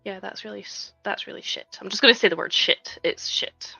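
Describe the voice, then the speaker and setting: A woman's voice: mid-range voice, fairly quick, gravelly, bright, forceful tone, no room sound. Chatty woman streaming with faint music. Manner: chatty, reads chat aloud, frequent "like". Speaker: livestreaming LEGO builder. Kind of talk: casual live-stream chat.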